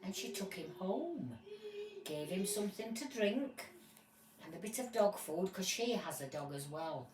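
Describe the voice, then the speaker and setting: A woman giving voice to a busy female court helper, eagerly passing along news with a lively rise and fall. It sounds distant in a roomy space with a faint hum behind. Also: lowish voice, measured pace. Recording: roomy and from off the mic, faint ambience.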